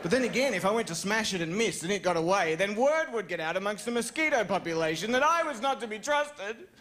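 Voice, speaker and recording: An Australian man doing a stand-up comedy set on a club stage, chatty and animated, slipping into put-on voices for his bits. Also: sits high, fast talker, a faint crowd.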